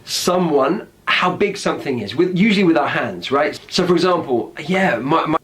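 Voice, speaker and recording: A man's voice: fairly high pitch, lively intonation, moderate pace, fairly bright tone. A British man with a British accent, teaching slang words in an upbeat, explanatory way and often checking in with "right?". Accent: British English. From Britain.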